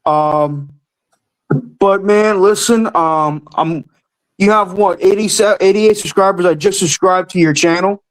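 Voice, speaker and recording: Young man, caller, high-pitched voice, emotional, cursing, rambling sports rant. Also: unhurried, poor audio. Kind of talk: casual sports call-in rant.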